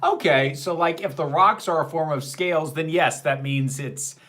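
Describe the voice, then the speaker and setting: A man's voice: fairly high pitch, moderate pace, bright, forceful tone. A man hosting a livestream, casually commenting on a film, answering chat questions and laughing often in a sarcastic tone. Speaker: livestream host reacting to a film.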